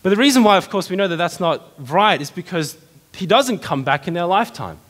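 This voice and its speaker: A man preaching a sermon as pastor, in a lively, conversational way full of rhetorical questions. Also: high-pitched, a little fast. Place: church hall. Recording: long reverb of a church hall.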